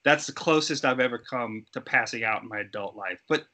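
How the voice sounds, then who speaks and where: A middle-aged man telling stories as an interview guest, animated and acting out quoted voices. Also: mid-range voice, fairly quick. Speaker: interview guest, creature suit performer. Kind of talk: casual storytelling interview.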